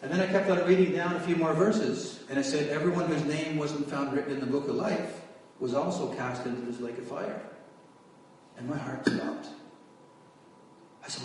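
A man's voice: fairly high pitch, normal speed, a little hiss or hum. A man giving his testimony as a sermon, telling his story and raising his voice at its peaks. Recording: echoey hall from far off.

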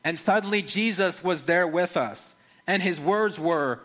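A man preaching a first-person dramatic sermon, measured and earnest, with rhetorical questions to the listeners. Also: high voice, lively intonation, fairly bright tone. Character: Mary Magdalene retelling the resurrection, played by a man.

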